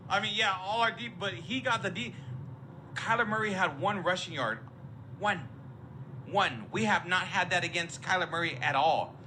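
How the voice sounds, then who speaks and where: A man's voice: sits high, noisy background. A man ranting in a recorded fan message, exasperated and repeating himself. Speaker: listener sending voice messages.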